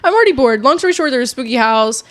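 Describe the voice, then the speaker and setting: A woman's voice: high-pitched, expressive, rapid-fire, a bit bright, dry recording. Young woman, casual podcast co-host. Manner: rambling, reads notes aloud with stumbles. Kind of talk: casual chat.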